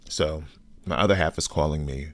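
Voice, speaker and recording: A man and podcast host recounting a personal story in a measured, deliberate way, cursing bluntly at times. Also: very deep voice.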